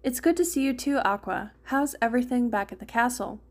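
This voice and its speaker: A woman's voice: on the high side, fairly quick. Woman reading as a cheerful dramatic young man. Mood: friendly. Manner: upbeat, hamming it up.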